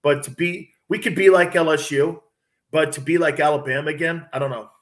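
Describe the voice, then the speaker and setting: A man's voice: a little high, fairly quick. A man talking sports as a radio host guest, telling stories animatedly and acting out what others said. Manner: animated, acts out quotes from others. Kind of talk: casual sports talk storytelling.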